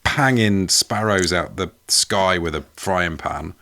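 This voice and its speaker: Deep, bright-toned male co-host. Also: slow, no room sound. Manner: dry, whimsical wordplay. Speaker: podcast co-host. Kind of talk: comedic banter.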